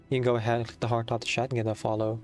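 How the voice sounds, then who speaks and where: Male streamer, mid-pitched, casual chatty commentary over soft game music. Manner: rambling, chatty, many fillers.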